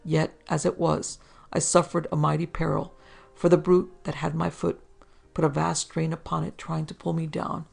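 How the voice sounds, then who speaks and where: A woman narrating a classic horror story for a podcast, reading old-fashioned prose in a steady, measured way. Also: low-pitched, creaky, slightly rough, faint music behind.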